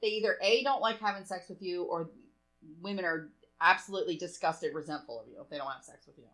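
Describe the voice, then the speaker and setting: A woman's voice: lowish voice, quick pace, sharp tone. A woman co-hosting a casual chat, speaking candidly and frankly, laughing often and swearing. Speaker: podcast co-host.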